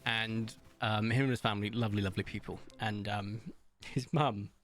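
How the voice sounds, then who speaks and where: A man streaming a game, chatting casually, reading viewers' messages aloud and telling stories, with big playful jumps in pitch. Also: steady tone, brisk, a bit bright. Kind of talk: casual chat while gaming, reading chat aloud.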